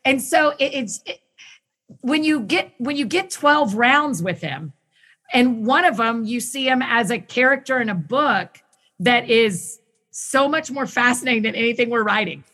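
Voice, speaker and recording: A woman talking as a guest in a casual conversation, enthusiastic and quick in bursts, often restarting her sentences. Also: on the high side, animated, bright, forceful tone. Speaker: podcast guest who hosts her own show.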